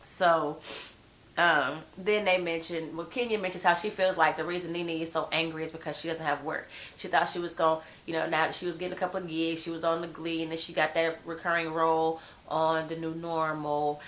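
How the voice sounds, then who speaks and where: Brief: woman with a head cold, lowish voice, blunt gossipy reality-TV recap, slangy and casual. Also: little pitch movement, a little fast, fairly bright tone, a little hiss or hum. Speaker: TV show reviewer.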